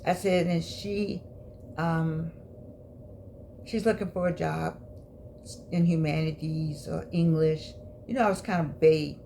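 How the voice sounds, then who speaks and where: A woman in her eighties shares stories from her life in a chatty, animated way, talking straight to her viewers. Her voice sits in a middle pitch with a noticeable gravelly texture. Faint background noise sits under her speech. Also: measured pace, long pauses. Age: 80s. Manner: lively, chatty storytelling with laughs and direct asides. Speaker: memoir vlogger. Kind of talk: personal storytelling.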